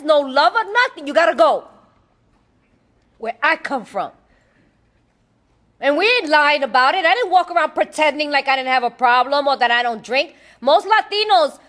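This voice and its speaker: A woman speaks at a recovery meeting, telling her story bluntly in streetwise talk. Her voice sits high, and she laughs often between lines. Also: fairly bright tone. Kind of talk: personal testimony talk.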